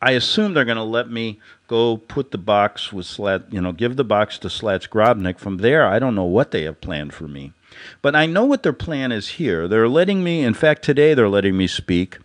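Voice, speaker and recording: An animated male radio host spins a rambling satirical monologue. His pitch rises and falls a great deal as he tells the story, and he chuckles at his own jokes along the way. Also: normal speed.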